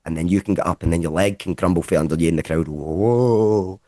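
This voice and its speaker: A Scottish comedian with a very low voice, talking about his career in loose, lively anecdotes. His speech is casual and peppered with swearing. The sound is close and dry, with no room echo. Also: very fast. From Scotland. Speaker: comedian guest. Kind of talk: casual conversational storytelling.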